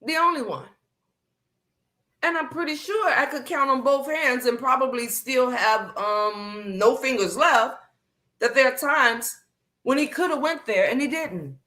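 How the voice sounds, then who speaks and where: A woman's voice: high-pitched, measured pace, bright, forceful tone. Sassy emphatic woman commentator. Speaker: commentary livestream host. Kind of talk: casual chat, drama commentary.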